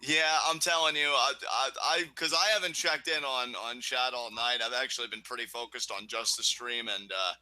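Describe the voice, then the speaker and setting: A man's voice: medium pitch, steady tone, moderate pace, hardly any pauses, sharp tone, no room sound, rough recording. A man co-hosting a live wrestling reaction chat, tossing out dry, sarcastic quips. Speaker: co-host of a wrestling reaction show.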